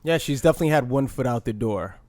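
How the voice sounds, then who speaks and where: A man's voice: mid-range voice, lively intonation, quick pace, darkish tone, dry recording. Dry, teasing young co-host man. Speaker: podcast co-host. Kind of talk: casual podcast banter.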